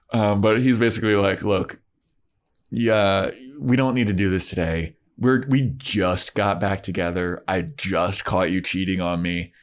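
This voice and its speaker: A man's voice: deep voice, measured pace. A man co-hosting a casual podcast, recapping a TV episode and acting out the characters' lines. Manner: animated retelling, acts out characters' lines. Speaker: podcast co-host.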